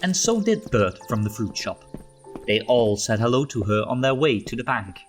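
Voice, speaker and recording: A man narrating a children's storybook aloud, expressive, slow and gentle. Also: mid-range voice, soft background music.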